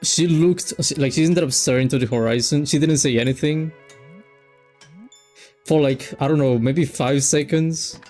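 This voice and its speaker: A man's voice: a little high, normal speed, darkish tone, soft background music. A man streaming a game, telling a personal story in a rambling, self-interrupting way. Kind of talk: casual storytelling while gaming.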